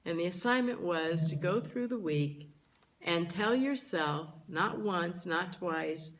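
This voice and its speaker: A woman's voice: fairly low pitch, expressive, slow pace. A woman minister delivering a sermon in a church, speaking to the congregation and drawing out key words for emphasis. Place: church sanctuary.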